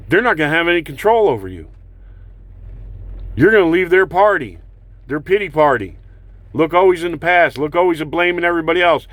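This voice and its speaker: A man with a somewhat high voice rants hard, cursing and throwing out sarcastic whoops. His questions come in heated bursts. The recording is dry and close, with little room sound. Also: lively intonation, a little fast, a bit bright, dry recording. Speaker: political vlogger. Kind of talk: angry ranting monologue.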